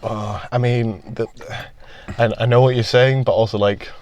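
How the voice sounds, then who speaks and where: A man's voice: mid-range voice, steady tone, moderate pace, darkish tone, highs cut off. A man co-hosting a podcast from a car, sardonic and swearing in casual banter. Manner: sardonic, swearing, laughs a lot. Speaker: podcast co-host. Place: in a parked car.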